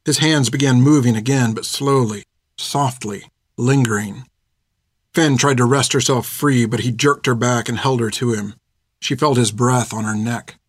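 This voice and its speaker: A man reading a chapter of a novel aloud, in steady, measured scripted narration. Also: medium pitch, slightly rough, no echo, clean studio sound. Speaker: audiobook narrator.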